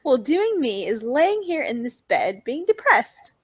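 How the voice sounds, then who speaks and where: A woman's voice: high-pitched, very animated, a little slow, slightly rough, no room sound. A young woman co-hosting a podcast in casual chat, giggly and gushing. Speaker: podcast co-host.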